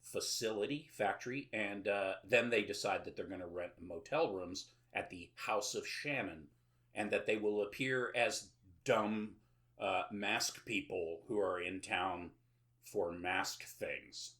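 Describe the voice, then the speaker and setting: Unhurried and with a lowish, slightly bright voice, a podcast host rambles through a film's plot. His casual chat is full of filler sounds and sarcastic asides.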